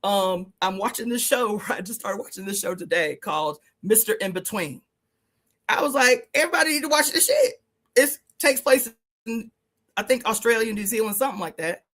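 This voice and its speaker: A woman's voice: medium pitch, moderate pace, fairly bright tone. A middle-aged woman guesting on a radio show, talking bluntly and emphatically with plenty of swearing. She tells her stories casually and laughs along the way.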